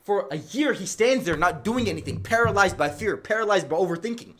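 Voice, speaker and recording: A man's voice: sits high, a little fast. A young man livestreaming, giving casual slang-heavy advice to his chat and telling stories. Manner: slangy, animated, storytelling with asides.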